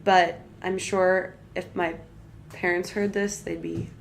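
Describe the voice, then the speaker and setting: A woman's voice: on the low side, level tone, slow pace, gravelly, slight background noise. A woman of twenty-four in casual podcast chat, candid and talkative with lots of fillers. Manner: candid, chatty, filler-heavy. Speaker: podcast guest.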